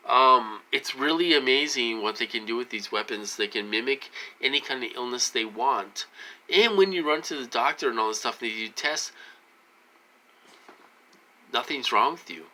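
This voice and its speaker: A man talking in a rambling personal monologue, halting and repetitive, full of fillers and restarts, insistent and aggrieved. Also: medium pitch, animated, pushed and bright, poor audio. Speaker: vlogger.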